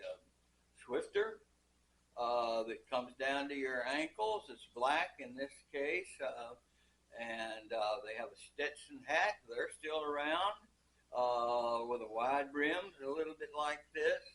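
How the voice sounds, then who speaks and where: An older man telling a long joke as a story, pausing a lot and restarting his sentences. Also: medium pitch, expressive, a bit bright, slight background noise, rough recording. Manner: hesitant, many fillers and restarts.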